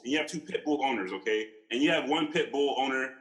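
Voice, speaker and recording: A man speaking in an everyday, mid-pitched voice during a relaxed podcast conversation. He rambles, packs his talk with fillers and curse words, and often stops and restarts as he works through his thoughts. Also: quick pace, poor audio. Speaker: podcast guest. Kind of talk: casual conversation.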